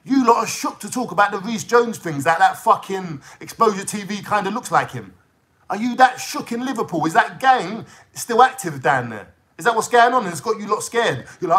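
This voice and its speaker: A man's voice: high voice, animated, normal speed, fairly bright tone. A young man from London with a London accent, ranting to his viewers in a heated, swearing, slang-heavy monologue.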